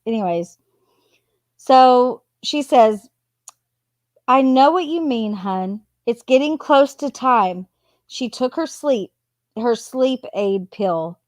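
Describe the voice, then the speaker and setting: She has a medium-pitched voice, captured without echo. A true crime commentator at home, cat beside her, she casually reads texts aloud with sarcastic asides between each one.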